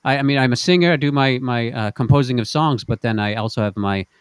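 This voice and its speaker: Male host, rambling, stuttery repeats, jokey, mid pitch, dry close sound. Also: fast talker, clean tone, no echo. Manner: rambling, repeats words, joking. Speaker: host and singer. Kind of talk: casual online show chat.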